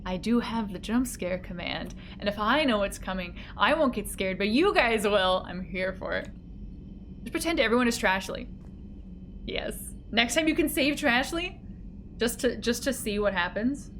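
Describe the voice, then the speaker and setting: A woman's voice: fairly high pitch, expressive, moderate pace, fairly bright tone, slight background noise. A woman streamer chatting casually with her live chat, giggly and playful as she reads messages aloud.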